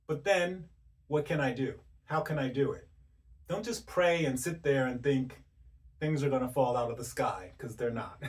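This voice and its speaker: A man's voice: medium pitch, lively intonation. Guy doing a self-help talk, punchy questions one after another, mic kinda far off. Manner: rapid-fire rhetorical questions, direct and emphatic. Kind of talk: motivational monologue.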